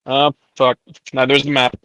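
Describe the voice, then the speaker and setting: Male game master, casual and rambling, bright tone. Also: mid-range voice, flat delivery, moderate pace, clear, resonant tone, no room sound, muffled recording. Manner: rambling, many fillers and restarts. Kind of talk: casual tabletop game narration.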